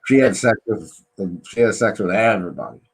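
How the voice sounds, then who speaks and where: A man's voice: fairly low pitch, very animated, a little fast, gravelly, husky, low-quality recording. A man hosting a podcast interview, telling frank stories in casual chat with many fillers. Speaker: podcast host.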